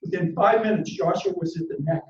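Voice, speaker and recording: A man giving a motivational talk, telling a war story dramatically and acting out the shouted orders. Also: high voice, a little fast. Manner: dramatic, acts out quotes and shouts battle orders. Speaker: motivational speaker. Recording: echoey room, distant mic, dull lo-fi sound.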